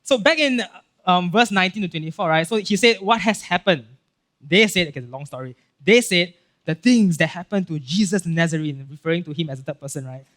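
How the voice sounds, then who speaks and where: A male pastor with a Singaporean English accent giving a casual, animated sermon, acting out Bible scenes and checking in with "right?" and "okay?". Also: sits high, a little fast. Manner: casual filler-heavy talk with frequent "right?" and "okay?".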